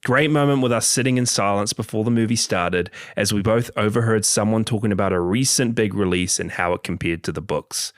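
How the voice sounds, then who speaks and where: A man's voice: lowish voice, dry recording, clean studio sound. A man co-hosting a podcast, reading out listener messages and bantering in a joking, teasing way. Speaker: podcast co-host. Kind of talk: casual chat, reading listener mail.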